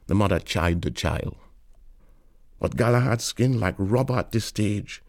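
A man's voice: fairly low pitch, a little slow, darkish tone, no echo, clean studio sound. A man reading literary fiction aloud in a wry, lilting storytelling manner. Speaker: narrator.

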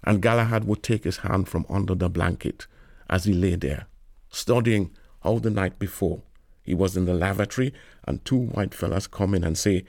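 Low gravelly male narrator. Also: a little mellow, no room sound, clean studio sound. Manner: lilting, storytelling in dialect. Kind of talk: audiobook narration.

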